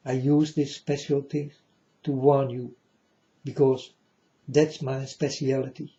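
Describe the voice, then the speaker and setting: Man, insistent repetitive preacher, deep dark timbre, muffled home audio. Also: flat delivery, takes it slowly. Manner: repetitive, insistent, addresses listeners as folks. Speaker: self-styled religious speaker. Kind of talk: preaching monologue to viewers. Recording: dull lo-fi recording.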